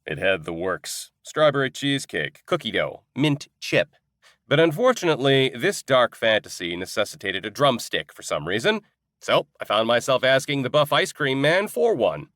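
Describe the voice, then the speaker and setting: A man's voice: medium pitch, sing-song, normal speed, fairly bright tone, no echo, clean studio sound. A man narrating a comic fantasy audiobook in the first person, with a wry, sardonic storytelling manner.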